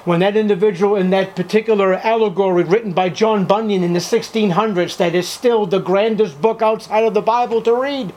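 Fervent older male preacher, high voice. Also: fairly quick, hardly any pauses, low-quality recording. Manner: fervent, swinging between loud outbursts and hushed passages. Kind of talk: sermon. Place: church service.

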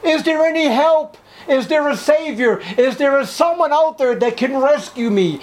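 A man preacher voicing a despairing sinner who cries out for rescue in slow, drawn-out wails. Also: very high voice, pitched above the performer's own voice. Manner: wailing, drawn-out pleading.

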